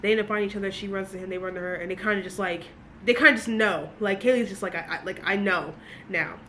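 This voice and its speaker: Bright-voiced, gushing woman reviewing a book. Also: mid-range voice, very fast, a little hiss or hum. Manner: animated, gushing, lots of asides. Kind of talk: casual video book review.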